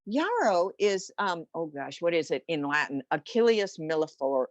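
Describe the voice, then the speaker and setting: A woman's voice: lowish voice, sing-song, moderate pace, dry recording, lo-fi sound. Gushing, rambling woman on a podcast. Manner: enthusiastic, rambling, exclaiming. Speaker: animal flower essence practitioner. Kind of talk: casual podcast explanation.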